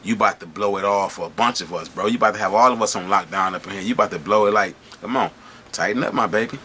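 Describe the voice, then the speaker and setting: Lively, slangy man telling prison stories. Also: lowish voice, fast, a little hiss or hum. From Michigan. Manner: animated, slangy, keeps checking in with listeners. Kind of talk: casual storytelling to camera.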